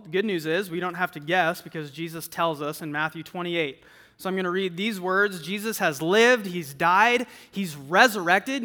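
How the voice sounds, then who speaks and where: A man preaches to a student group in a relaxed, chatty way, his voice high and bright. His talk stays loose and conversational, dotted with "like" and "right?". The sound rings with a long hall echo. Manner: conversational, uses "like" and "right?" often. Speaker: campus ministry speaker. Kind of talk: sermon. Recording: echoey hall.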